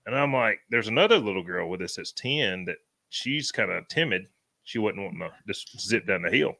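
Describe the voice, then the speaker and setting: A man, co-hosting a podcast and telling animated stories in rural slang. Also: low-pitched, normal speed, creaky, dry recording. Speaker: podcast co-host. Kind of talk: casual storytelling chat.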